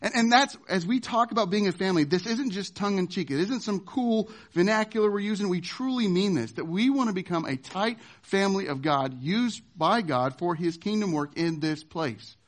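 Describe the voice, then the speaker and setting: A male pastor delivering a sermon. His voice sits high, and he preaches emphatically, pushing some points hard and dropping others to a hush. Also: lively intonation, moderate pace, few pauses. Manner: emphatic preaching, wide swings from loud to hushed.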